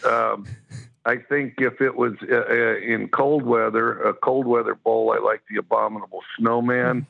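A football coach from Wyoming with a drawl, answering in a halting way full of fillers and restarts. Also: male voice, medium pitch, steady tone, fairly bright tone. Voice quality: gravelly. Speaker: college football coach, guest. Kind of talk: phone interview. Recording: tinny phone line.

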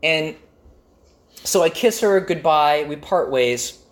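A man telling a comic personal story in an animated, self-mocking way. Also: takes it slowly. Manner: animated, self-mocking, with jumpy pitch swings for emphasis.

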